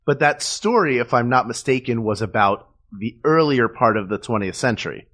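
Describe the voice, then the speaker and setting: A man's voice: medium pitch, expressive, normal speed, fairly bright tone. A man co-hosting a casual podcast, playful and rambling, chuckling through his jokes. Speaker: podcast co-host. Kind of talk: casual chat.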